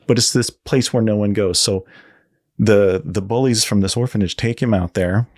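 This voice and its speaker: A guest designer tells a meandering story in a casual interview, regularly stopping to correct himself. His voice is lowish and a little mellow. He keeps to a moderate pace.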